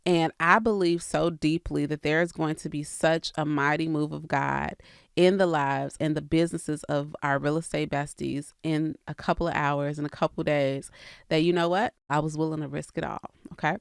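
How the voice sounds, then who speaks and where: Lady podcast host, low voice, earnest and open, talking right to her listeners, dry close mic. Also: steady tone, normal speed, creaky, clean tone, dry recording. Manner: earnest, candid and faith-filled, talking straight to listeners. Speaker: real estate coach and podcast host. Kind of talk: casual podcast monologue.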